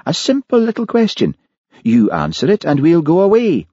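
A man's voice: on the high side, wildly swooping pitch, normal speed, dark tone, breathy edge, no room sound, pitched above the performer's own voice, heavily acted. A male narrator voicing a wry, teasing middle-aged policeman with a Scottish accent in an audiobook. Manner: dry, teasing. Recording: dull lo-fi audiobook recording.

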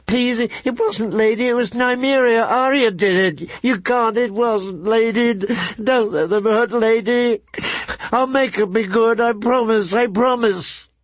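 A man's voice: very high voice, unhurried, dry recording, pitched above the performer's own voice. A man reading an audiobook, voicing a frightened young girl who pleads through tears. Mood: pleading, frightened. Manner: desperate, tearful pleading.

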